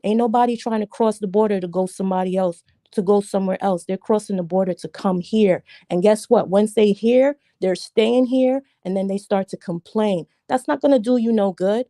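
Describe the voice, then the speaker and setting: A woman's voice: mid-range voice, normal speed, hardly any pauses, mellow, dry recording, clean studio sound. A woman from Jamaica arguing her point emphatically on a livestream panel discussion, repeating lines for stress.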